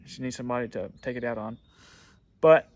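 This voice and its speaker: A man's voice: medium pitch, a little fast, darkish tone, a little hiss or hum. A young man, talking casually to camera as a small-business owner, rambling and repeating himself with frequent ums. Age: young adult. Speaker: pressure washing business owner. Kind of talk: casual storytelling vlog.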